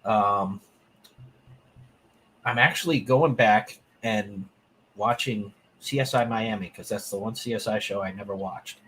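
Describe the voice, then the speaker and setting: A laid-back man with a lowish voice chats casually as a returning guest, hesitating with fillers. A faint hum of noise sits behind him. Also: a little slow, a bit bright. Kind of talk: casual chat.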